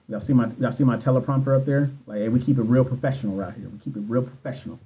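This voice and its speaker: A man's voice: medium pitch, quick pace, warm tone. Candid cursing man on a dull livestream. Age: 30s. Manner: candid, profane, talks straight to viewers. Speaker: nursing exam coach. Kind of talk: casual livestream chat answering viewer questions. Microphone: phone livestream.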